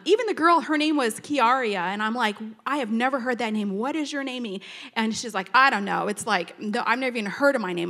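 A middle-aged woman telling a chatty, animated testimony to a congregation, acting out both sides of her conversations. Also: fairly high pitch. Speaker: church member giving testimony.

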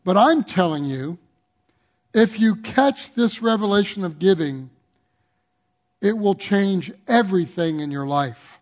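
A man's voice: high voice, expressive. A man preaching a sermon as pastor, earnest and pleading, with emphatic swells and scripture read aloud. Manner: reads scripture aloud slowly.

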